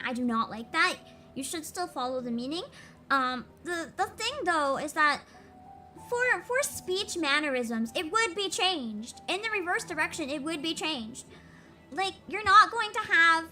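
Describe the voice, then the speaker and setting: A woman's voice: high-pitched, bright, forceful tone. A young woman streamer chatting casually and rambling with giggles, playful with her voice. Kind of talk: casual chat over a game stream.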